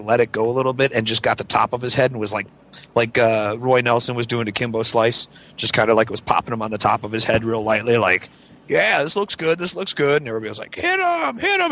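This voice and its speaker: A man's voice: level tone, fast talker, a bit bright. A man co-hosting a casual chat, telling a long story and acting out the other people's lines. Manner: rambling storyteller who acts out quotes in shrill voices. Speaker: podcast co-host.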